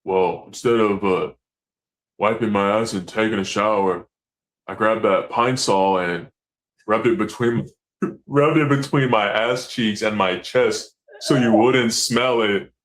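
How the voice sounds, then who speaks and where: A man's voice: lowish voice, a little slow, natural voice. A man doing a sheepish deckhand in withdrawal.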